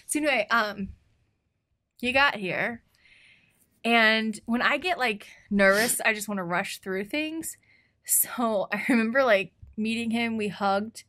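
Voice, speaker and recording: A young woman telling a story in casual podcast chat, animated and giggly, with lots of fillers. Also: on the high side, unhurried. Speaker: podcast co-host.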